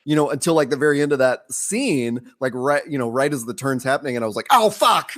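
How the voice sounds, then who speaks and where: A man's voice: medium pitch, quick pace. A man co-hosting a podcast, chatting casually about a film with frequent fillers. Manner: chatty, laughing, full of fillers. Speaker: podcast co-host. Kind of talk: casual chat.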